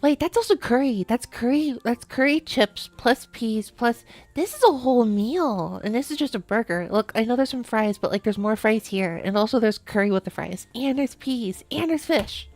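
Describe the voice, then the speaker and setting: A woman's voice: fairly high pitch, lively intonation, moderate pace, few pauses, a little mellow, dry recording. A woman streamer chatting casually on a live stream, rambling, giggling often and restarting her sentences.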